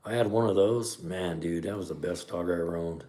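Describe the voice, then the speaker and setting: A man's voice: low-pitched, a little fast, mellow. A middle-aged man hosting a podcast livestream, chatting casually and reading live comments in a laid-back way.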